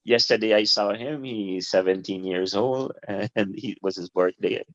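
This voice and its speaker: A middle-aged man, a guest telling his story in an animated, informal way and laughing easily. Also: lowish voice, moderate pace, dry recording. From Guyana. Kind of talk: casual interview storytelling. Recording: dull lo-fi, dry.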